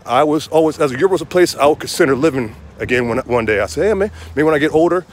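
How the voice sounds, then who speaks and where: A man's voice: fairly high pitch, animated, fast. A young man hosting his own show, ranting heatedly about politics outdoors on a windy day, rambling and repeating himself. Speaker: show host. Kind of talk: outdoor political rant to viewers. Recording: wind noise outdoors.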